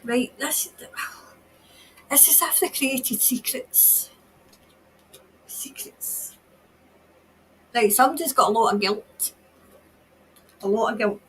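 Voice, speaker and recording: Woman tarot reader with a high voice, halting and emotional on a live psychic reading, with faint noise behind. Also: expressive, a bit bright, poor audio. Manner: emotional, halting, drops to whispers.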